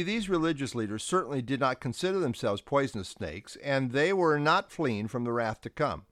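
A man preaching a sermon as pastor, with forceful, emphatic delivery and pointed stresses. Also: mid-range voice, no room sound, studio quality.

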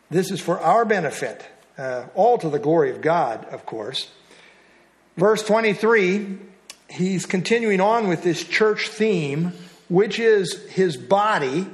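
Higher-voiced man leading a Bible study. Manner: earnest, repeats phrases for emphasis.

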